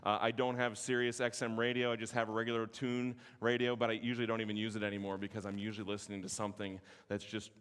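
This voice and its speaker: A man's voice: on the low side, completely flat delivery, fast talker, few pauses, clean tone. Passionate man teaching in a hall. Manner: passionate, can sound forceful; self-deprecating joking asides. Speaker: conference speaker. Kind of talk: teaching sermon. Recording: long hall reverb.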